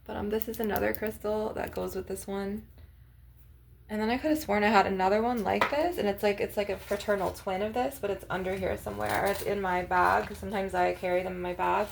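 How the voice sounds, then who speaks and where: A woman's voice: mid-range voice, fairly even intonation, fairly quick, gravelly, a little hiss or hum. A young woman vlogging casually to her viewers, rambling with lots of "like" and "you guys" as she shows off her crystals. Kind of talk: casual chat to camera.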